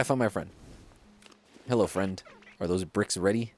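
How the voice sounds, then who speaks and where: A man's voice: sits low, measured pace, long pauses, a little mellow. A man hosting a casual let's-play, chatting playfully and thinking aloud as he goes. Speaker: gaming channel host. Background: faint game music.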